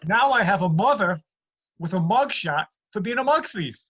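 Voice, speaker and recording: High-voiced New comic on a call. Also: male voice, animated, normal speed, fairly bright tone, slightly rough, poor audio. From USA. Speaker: stand-up comedian. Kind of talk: stand-up routine. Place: home over video call. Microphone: computer mic on a video call.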